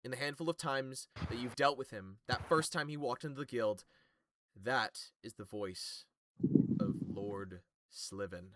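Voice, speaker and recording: A man's voice: medium pitch, measured pace, fairly bright tone, slight background noise. A man narrating as game master of a tabletop game, talking loosely and thinking aloud with fillers as he goes.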